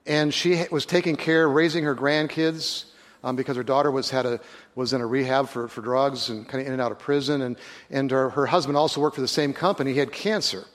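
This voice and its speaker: A man who is a pastor, telling a story in a sermon in an earnest, halting way with restarts. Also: medium pitch, fairly even intonation. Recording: long hall reverb.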